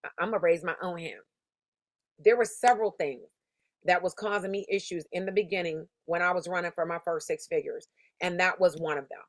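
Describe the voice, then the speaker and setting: Emphatic, low-voiced woman sales coach. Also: fairly quick, dry recording. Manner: emphatic, conversational, slangy storytelling. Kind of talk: motivational teaching talk.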